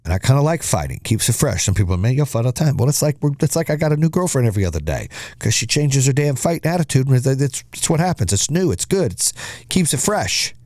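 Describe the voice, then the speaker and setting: A man's voice: medium pitch, very animated, fast talker, dark tone, no room sound, clean studio sound. Blunt, profane male podcast host. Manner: blunt, profane, punchy advice. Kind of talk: motivational monologue.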